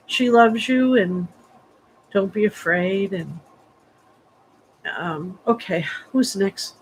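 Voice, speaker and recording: A woman talking as a psychic medium on a livestream, her voice at an ordinary middle pitch. She rambles in a loose, chatty way, full of fillers and restarts, and sounds sleepy. A faint hiss sits under her. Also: poor audio. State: sleepy, yawning. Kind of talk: livestream reading.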